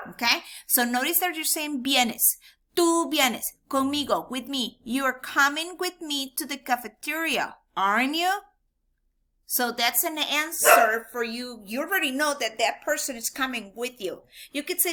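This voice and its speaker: A woman's voice: high-pitched, lively intonation, a little slow, very noisy. A woman Spanish teacher recording a lesson at home, switching between English and Spanish and having students repeat phrases after her. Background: dog barking.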